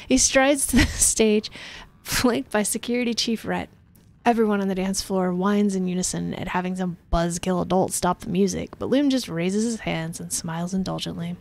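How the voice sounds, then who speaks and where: A woman streaming a text game, reading it aloud with snarky, laughing asides, her voice going hoarse. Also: on the low side, fairly even intonation, brisk, a little mellow.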